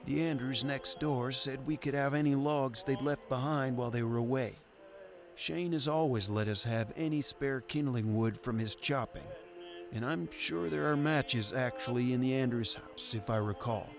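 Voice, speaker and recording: Man doing a gentle fatherly old man in a story game, formal old-fashioned phrasing, music underneath. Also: mid-range voice, normal speed, vocal fry, lightly acted. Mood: kindly. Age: older. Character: kindly elderly man, polite and fatherly. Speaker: game character.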